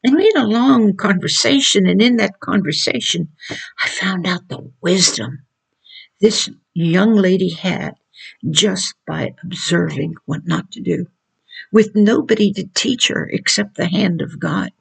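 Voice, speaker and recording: Gravelly older woman preaching on parenting. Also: lowish voice, a little slow. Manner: earnest, preachy, repeats her points. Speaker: mother giving parenting advice. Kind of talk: informal Christian teaching monologue.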